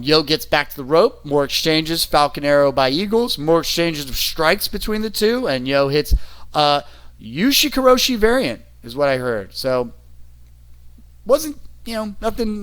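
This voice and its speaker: A man's voice: fairly high pitch, a bit bright. A man reviewing wrestling matches in a casual, rambling way, with many restarts and chuckles.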